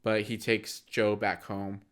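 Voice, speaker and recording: Young dude, lowish voice, recapping movie scenes on a podcast, loads of fillers. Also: male voice, completely flat delivery, takes it slowly. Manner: retells scenes, acting out lines, filler-heavy. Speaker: podcast co-host. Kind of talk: casual movie chat.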